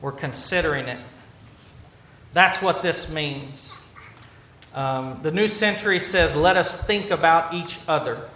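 Bright high-voiced pastor in an echoey church. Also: male voice, a little hiss or hum. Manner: conversational, halting with restarts and fillers. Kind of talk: sermon. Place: church sanctuary. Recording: roomy church echo, faint ambience.

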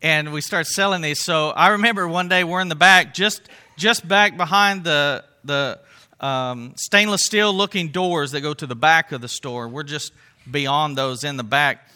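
A man's voice: on the high side, unhurried, pushed and bright, smooth. A man preaching a sermon, telling stories and putting questions to his listeners. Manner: storytelling, asks the congregation questions. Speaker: pastor.

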